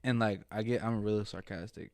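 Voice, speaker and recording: A man's voice: fairly low pitch, fairly even intonation, brisk, a little mellow, dry recording, clean studio sound. A young man co-hosting a casual podcast on an outdoor patio, telling slangy, rambling stories full of fillers. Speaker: podcast co-host. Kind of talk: casual chat.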